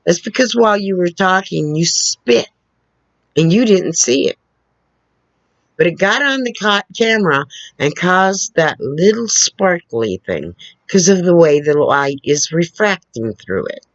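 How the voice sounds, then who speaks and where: Woman ranting slowly at her webcam, keeps asking okay?, dull lo-fi sound. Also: lowish voice, lively intonation, no room sound. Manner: lecturing, repeats points, checks in with "okay?". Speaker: vlogger. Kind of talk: direct-to-camera opinion rant. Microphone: camera on a computer two feet away.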